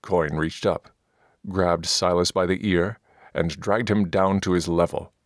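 A man narrating a fantasy audiobook in a measured, deadpan way, close to the microphone. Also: sits low, dry recording. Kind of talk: scripted narration.

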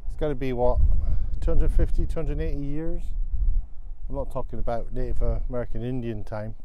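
Guy chatting to camera on a hill walk, thinking out loud, easygoing. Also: mid-range voice, steady tone, brisk, noisy background. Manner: musing aloud, thinking things through. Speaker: vlogger. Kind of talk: casual walking vlog. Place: outdoors on a hillside walk.

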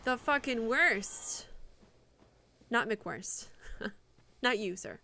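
Bright-voiced woman cursing at her game. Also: fairly high pitch, animated, extremely slow. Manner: frustrated, profane muttering at the game. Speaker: streamer. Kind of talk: live gameplay commentary.

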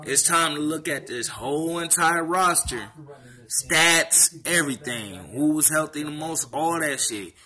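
A man delivers a heated, profanity-laced fan rant, circling back to the same complaints again and again. His voice sits a little high and has a sharp, bright edge. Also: a little slow. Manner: profane and heated, repeats himself. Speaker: sports fan vlogger.

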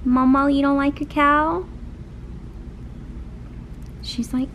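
A woman's voice: high voice, steady tone, a little slow, vocal fry, long pauses, fairly bright tone, a little hiss or hum. A young woman with a Southern American accent, a vlogger cooing baby talk to her pet hamster in a casual pet vlog.

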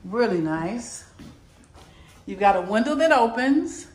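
Slow-talking woman touring a home. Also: a little high, sing-song, a little mellow. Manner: chatty, repeats "really lovely". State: out of breath. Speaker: home tour vlogger. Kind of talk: casual home tour narration. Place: indoors in a modular home. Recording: echoey empty rooms.

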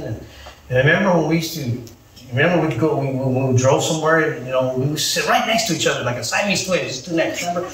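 A man preaching as a pastor, joking and calling out to his congregation in a lively sermon. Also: medium pitch, fast talker, roomy sound, distant mic, a little hiss or hum, low-quality recording. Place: church.

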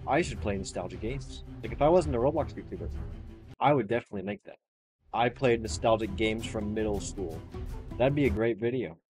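A young man gaming with friends, swearing and swinging between loud yells and quiet mumbling. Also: mid-range voice, lively intonation, a little fast, soft background music. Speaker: gaming YouTuber. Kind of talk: casual gaming chat with friends.

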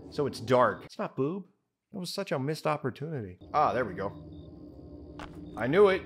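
A man's voice: mid-range voice, sing-song, normal speed. A young man giving jokey, jumpy commentary while playing a horror game, swearing and talking to himself. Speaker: let's play host. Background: game music.

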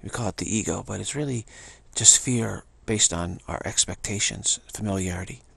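An older man with a gravelly, husky voice gives a meditative spiritual teaching, speaking haltingly with frequent restarts and pauses. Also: on the low side, a bit bright, no room sound.

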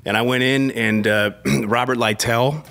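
A man, an actor and singer, chatting as a talk show guest, cracking deadpan jokes. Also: medium pitch, unhurried. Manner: joking, deadpan sarcastic asides. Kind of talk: casual chat.

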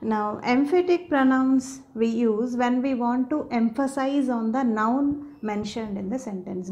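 A woman teaches a grammar lesson at an unhurried, deliberate pace. Her voice sits a little high, and she checks often that her listeners are following. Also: a little mellow. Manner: patient, slow explaining with frequent "okay?" checks. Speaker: English teacher. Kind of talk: explaining grammar to viewers.

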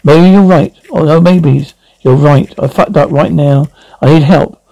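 A man plays a weary, sardonic male writer in an amateur radio drama. The voice is gravelly and dark. He talks in a wry, self-mocking way and swears freely. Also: a little high, unhurried, no echo, poor audio. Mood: pleading.

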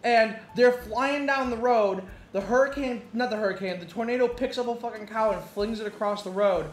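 A man's voice: high-pitched, brisk. A man casually chatting while live streaming a game, telling stories with lots of swearing and laughter. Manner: profane, laughing, animated storytelling. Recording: roomy echo.

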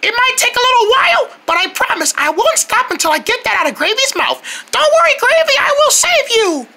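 A squeaky tiny cartoon boy. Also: big pitch swings, brisk, gravelly, bright, forceful tone, slight background noise, heavily acted. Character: shrunken tiny boy hero, brave and eager.

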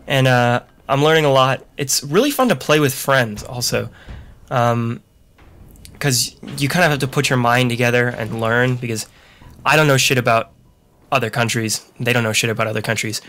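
A man's voice: medium pitch, normal speed, a bit bright. A young man doing loose, profane, joking commentary while playing a video game. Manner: profane, rambling, jokey. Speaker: let's play gamer. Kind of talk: casual gameplay commentary.

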